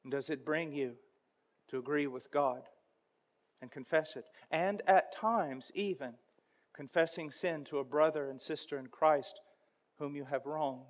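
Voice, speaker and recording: Brief: fervent male preacher, high voice, storytelling sermon that swells in intensity. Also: unhurried. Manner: impassioned, builds to near-shouting intensity.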